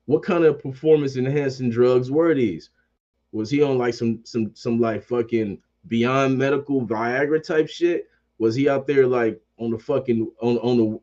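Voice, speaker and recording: A man's voice: medium pitch, warm tone, muffled recording. Swearing, heated man ranting about sports. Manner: heated, swearing constantly, repeats phrases. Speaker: sports fan commentator. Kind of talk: profane ranting sports commentary.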